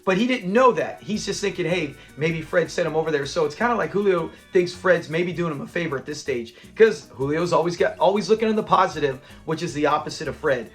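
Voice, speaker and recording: A man's voice: fairly high pitch, expressive, brisk, hardly any pauses, faint music behind. A man hosting a casual episode breakdown, retelling scenes with quoted lines and laughing often. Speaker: show recap host.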